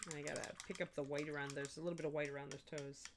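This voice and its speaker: A woman's voice: deep voice, racing, noisy background. A middle-aged woman hosting a miniature painting livestream, chatting casually and thinking aloud as she works. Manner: chatty, thinks aloud, self-correcting and animated. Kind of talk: casual chat while painting, answering chat.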